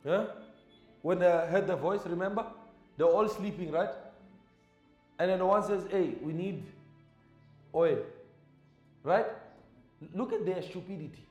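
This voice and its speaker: A man's voice: measured pace, long pauses, roomy sound, muffled recording, soft background music. Emphatic preacher man. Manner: emphatic, repeats lines, rises to shouts then drops low. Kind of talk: sermon. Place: church.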